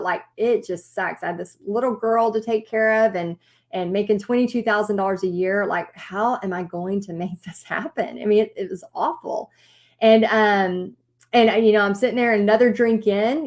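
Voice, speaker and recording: A woman telling a personal story to an audience in a lively way, acting out what people said. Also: mid-range voice, moderate pace. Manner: animated storytelling with acted-out quotes. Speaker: paint party business teacher.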